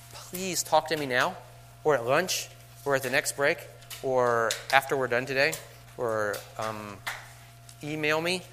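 Bright-voiced man giving a teacher workshop. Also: mid-range voice, slow, pauses often, slight background noise. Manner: joking, conversational, acts out students' lines. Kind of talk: casual lecture.

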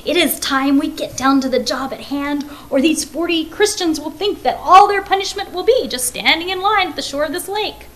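A woman's voice: high voice, normal speed, few pauses, fairly bright tone, voice pushed up. A woman voicing a cruel, gloating male Roman emperor who bellows his commands in a storybook reading.

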